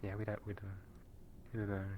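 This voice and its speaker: A man's voice: fairly low pitch, monotone, fairly quick, dull audio, slight background noise. Stammering man in roleplay. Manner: stammering, joking. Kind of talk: in-character roleplay chat.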